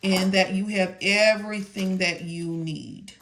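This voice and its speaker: A woman with a medium-pitched, fairly bright voice walks through medical coding step by step in an unhurried, fairly even tone. She repeats key words and poses questions she then answers herself, with slight background noise.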